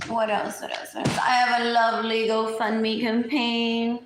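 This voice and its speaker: A woman's voice: fairly high pitch, expressive, normal speed, few pauses, background noise. A woman, rambling through a live stream, repetitive and drifting, often trailing off into murmurs. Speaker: livestreamer. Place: indoors at home. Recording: roomy echo.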